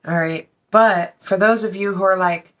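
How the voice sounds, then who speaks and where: A tarot reader delivers her reading casually and bluntly, talking directly to viewers, cursing freely, and breaking into sung lines. Her mid-range voice is a bit bright, with fairly even intonation and a moderate pace.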